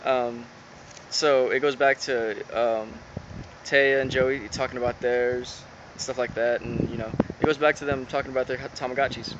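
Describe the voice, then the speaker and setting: A man recaps an episode in a loose, rambling way, peppering it with "um"s and "he's like"s as he retells quotes. His voice is middle-pitched with fairly even intonation at a moderate pace, and the recording is dull and lo-fi with noticeable background noise.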